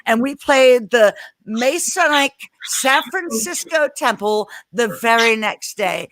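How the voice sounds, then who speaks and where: With a fairly high pitch and a slow pace, this woman, a singer guesting on a podcast, tells a story animatedly. She insists emphatically that it's true and repeats words at the start of her sentences, on a low-quality recording with no echo.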